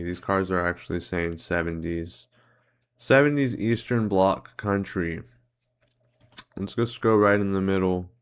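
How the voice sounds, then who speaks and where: Low-pitched guy mulling over guesses out loud, slow and hesitant, lots of ums. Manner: thinking aloud, hesitant, many "um"s and self-corrections. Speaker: host playing geography and history guessing games. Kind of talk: casual commentary while playing.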